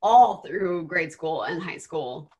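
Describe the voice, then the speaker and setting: A woman's voice: sits low, animated, slow pace, a little mellow, slightly rough, highs cut off. A woman in her thirties, a podcast co-host, chatting in a casual, supportive way. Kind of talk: casual chat.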